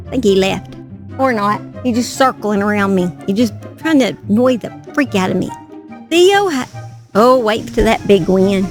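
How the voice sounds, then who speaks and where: A woman's voice: mid-range voice, lively intonation, moderate pace, faint music behind. A woman, hosting a true crime channel, chatting casually and getting distracted outdoors in a windy yard on a clip-on mic. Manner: chatty, easily distracted, exclaiming. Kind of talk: casual outdoor vlog chat.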